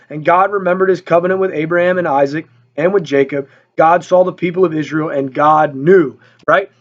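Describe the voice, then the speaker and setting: A man with a high-pitched voice teaches through a Bible passage in a relaxed, conversational way, stopping often with ums and uhs between readings. The recording sounds dull and muffled, lacking crispness. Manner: conversational, frequent fillers, reads scripture aloud. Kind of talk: casual verse-by-verse Bible teaching.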